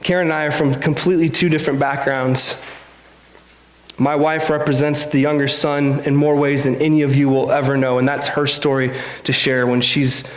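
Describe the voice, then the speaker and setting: A man's voice: medium pitch, flat delivery, normal speed. A man preaching a sermon in a church, earnest and confessional, often stumbling over repeated words. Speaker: pastor. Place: church sanctuary. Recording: echoey hall.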